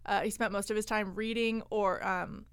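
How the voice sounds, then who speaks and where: A woman's voice: medium pitch, fairly even intonation, normal speed, clear, resonant tone, no room sound, studio quality. A woman co-hosting a podcast, telling history in casual chat with frequent laughter. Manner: chatty, laughing often. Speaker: podcast co-host.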